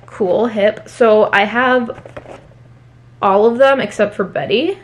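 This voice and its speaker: A woman chatting casually at home in a haul vlog, talking fast with many fillers. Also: medium pitch. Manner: chatty, fillers every few words. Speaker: book vlogger.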